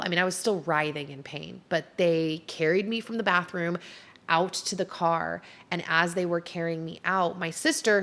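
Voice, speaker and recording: A woman vlogger telling a personal story to camera in a chatty, animated, self-described dramatic way, seated indoors. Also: lowish voice. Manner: chatty and animated, heavy use of "like". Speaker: YouTuber.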